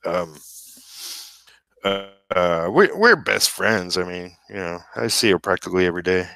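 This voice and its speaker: Man from brooklyn, lowish smooth voice, bright, laughs a lot, dry sound. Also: animated, normal speed, no room sound. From Brooklyn, New York. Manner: laughs often, self-deprecating. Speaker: comic book inker. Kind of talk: casual chat while inking.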